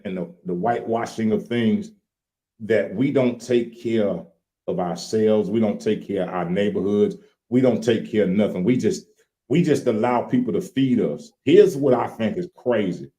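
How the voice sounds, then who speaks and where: A man in his late fifties from Louisiana with a Southern accent, co-hosting a casual livestream chat in a folksy, animated way. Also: fairly low pitch. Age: late 50s. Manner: folksy, animated, repeats "look here". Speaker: co-host.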